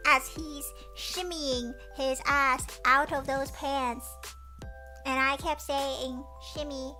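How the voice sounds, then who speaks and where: Very high bright-voiced woman streamer. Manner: animated storytelling, acting out quotes with laughs. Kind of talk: casual chat stream.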